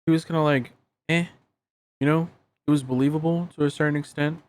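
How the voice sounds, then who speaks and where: A podcast co-host chatting casually about a movie, giving short relaxed remarks. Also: mid-range voice, quick pace. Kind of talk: casual movie review chat.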